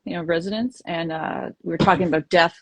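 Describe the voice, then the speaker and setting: A woman's voice: on the low side, steady tone, fairly quick, no room sound. A woman hosting an interview, affirming her guest and sharing anecdotes. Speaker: host and divorce coach. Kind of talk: conversational interview.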